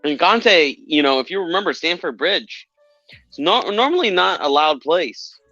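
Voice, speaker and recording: A man's voice: fairly high pitch, expressive, moderate pace, pushed and bright, dry recording, faint music behind. Chatty man on a lo-fi call-in line. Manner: chatty, repeats himself, many fillers. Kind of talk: casual call-in chat. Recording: dull lo-fi sound.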